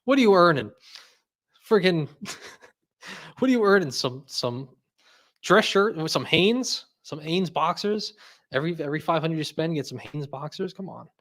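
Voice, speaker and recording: A man's voice: a little high, animated, measured pace, pauses often, a bit bright. A man hosting a casual livestream, rambling and jokey, laughing often and second-guessing himself. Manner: jokey ranting. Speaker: host.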